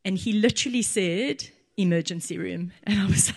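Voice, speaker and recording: A woman, giving an earnest church testimony as a mother, slow and emphatic. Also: medium pitch. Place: church hall. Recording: long hall reverb.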